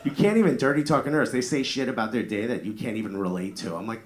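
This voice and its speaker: A man's voice: mid-range voice, fast. A man with a New York-area accent doing a crude, conversational stand-up set, acting out bits of dialogue. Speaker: stand-up comedian. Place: comedy club stage with live audience. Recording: live club audience laughing. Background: audience laughter.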